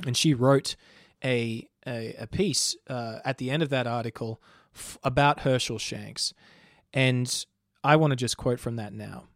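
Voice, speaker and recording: Speaking at a measured pace and medium pitch, this thirtysomething male host offers loose, chatty commentary, often restarting sentences and slipping in personal asides. The studio recording is clean and free of room sound.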